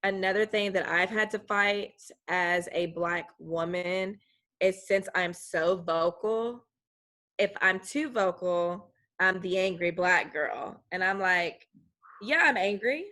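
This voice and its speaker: A woman's voice: lowish voice, steady tone, slow pace, sharp tone. A woman talking as a podcast guest in a casual conversation, emphatic and outspoken, laughing now and then. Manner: vocal, emphatic, laughs easily.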